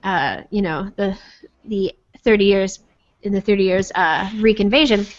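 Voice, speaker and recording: Formal older woman professor, composed, measured, voiced by a woman, lo-fi sound. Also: mid-range voice, natural voice.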